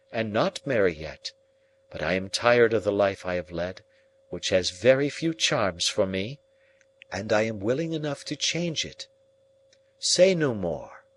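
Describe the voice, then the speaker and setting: A man's voice: medium pitch, a bit bright, low-quality recording. A man reading the part of a cold, proud young woman who speaks with cool contempt, in a storybook reading.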